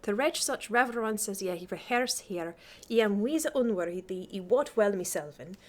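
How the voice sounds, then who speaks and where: A woman's voice: mid-range voice, expressive, moderate pace, natural voice. A woman reading the part of a courteous young male knight, politely deflecting, in an earnest, formal recitation of old verse.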